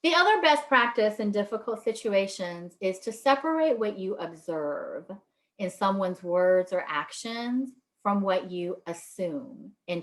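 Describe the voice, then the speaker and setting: A woman giving a talk on handling difficult conversations. She speaks in a conversational, reassuring way, often checks in with "right?" and acts out short quoted lines. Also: fairly low pitch. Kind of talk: presentation to a group.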